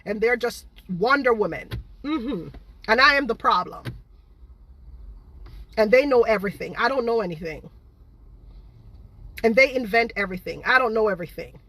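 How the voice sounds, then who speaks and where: A woman speaks straight to her viewers on a live stream, exasperated, repeating her points over and over. Her voice sits a little high and sounds bright and forceful. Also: animated, normal speed, long pauses, slightly rough. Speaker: home baker and online seller.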